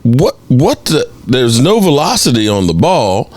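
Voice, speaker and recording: A man's voice: medium pitch, unhurried. A man hosting a sports podcast, giving opinionated, exasperated commentary and pushing back at critics. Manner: animated, exasperated, mocks critics in exaggerated voices.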